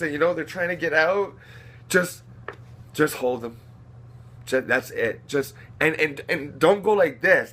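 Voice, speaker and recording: Young man, bright tense voice, earnest, repetitive, parenting vlog. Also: on the high side. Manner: earnest, repetitive, many restarts. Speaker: father giving parenting advice. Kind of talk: casual talk to camera.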